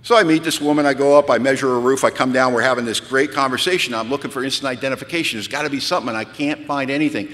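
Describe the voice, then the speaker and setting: A man telling a self-mocking recovery story to an audience in a hall, animated and rising to high-pitched punchlines. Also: rapid-fire, hardly any pauses. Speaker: speaker sharing recovery story. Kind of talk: storytelling talk to a live audience. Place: large hall at a retreat. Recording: long reverb of a hall.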